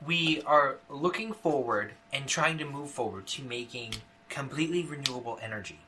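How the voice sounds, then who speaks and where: A man voicing a polite, wealthy woman who runs a company, sweet on the surface and quietly probing. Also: medium pitch, normal speed, a little hiss or hum, natural voice. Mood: businesslike. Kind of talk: game master voicing a character.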